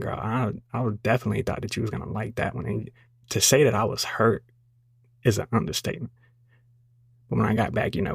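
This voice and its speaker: A man's voice: medium pitch, gravelly, slightly rough, no room sound, clean studio sound. A man voicing a catty suburban woman friend who swears freely and calls everyone girl.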